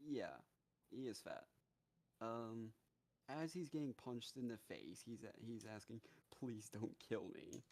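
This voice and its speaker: A man on a live gaming stream casually retelling a story, animated and profane, with many fillers. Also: mid-range voice, measured pace, pauses often.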